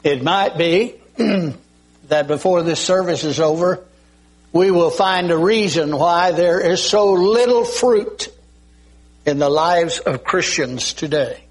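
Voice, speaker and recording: An older man preaching a sermon slowly and deliberately, often pausing to clear his throat. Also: on the high side, poor audio. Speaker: pastor.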